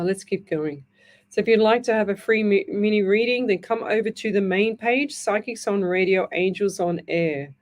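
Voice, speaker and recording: A middle-aged woman hosting a live call-in psychic show, chatty and affectionate, reading out comments and explaining things in plain terms. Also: mid-range voice. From Australia. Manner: chatty, warm-hearted, calls listeners lovey and hun. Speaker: psychic medium radio host.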